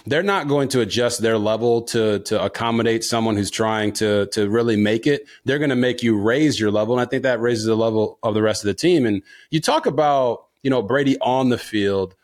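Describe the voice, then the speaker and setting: A man's voice: medium pitch, a little fast, few pauses. Earnest man hosting a sports podcast. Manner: earnest, repeats words as he builds questions. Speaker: podcast host, former quarterback. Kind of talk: casual interview hosting.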